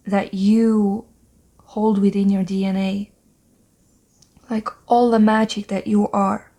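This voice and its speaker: Slow, soft-spoken woman tarot reader. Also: mid-range voice. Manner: soft and halting, often breathy whispers, full of "like" and "um"; moved to tears, emotional. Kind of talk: spiritual pick-a-card reading.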